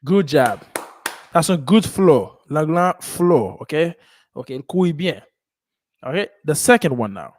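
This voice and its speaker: Male English teacher, slightly high voice, dry close sound, patient live-lesson coaching. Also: animated, no room sound. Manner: coaching, repeats phrases slowly, mixes Haitian Creole and English.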